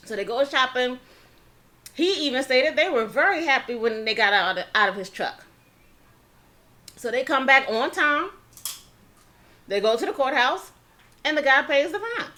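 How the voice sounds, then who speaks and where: A woman's voice: sits high, animated, sharp tone. A woman hosting a casual eating-show story time, chatting through a history story and acting out the people's lines. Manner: chatty, acts out quoted dialogue; pauses to spell out words. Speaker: channel host telling a history story.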